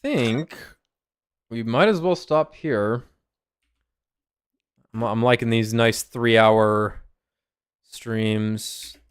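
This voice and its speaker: A man's voice: mid-range voice, drawn-out words, long pauses, clear, resonant tone. A man streaming a game in casual commentary; he rambles, swears freely and stammers on restarts.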